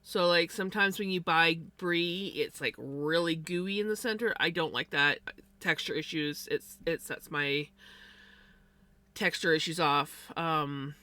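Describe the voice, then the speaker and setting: Chatty woman with a bright, dry voice. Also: low-pitched, a little slow, no room sound. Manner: rambling, chatty, many "like" fillers. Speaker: livestream host. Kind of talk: casual chat while crafting.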